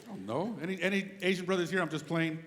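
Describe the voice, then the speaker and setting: On a club stage before a live audience, a middle-aged comedian with a high voice races through animated stories and drops into character voices. Crowd noise and steady background sound fill the reverberant room.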